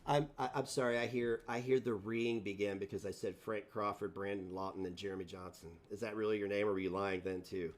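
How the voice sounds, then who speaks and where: A man's voice: on the low side, fairly even intonation, brisk, hardly any pauses. A man hosting a live stream, taunting and mocking a caller in a sarcastic rant.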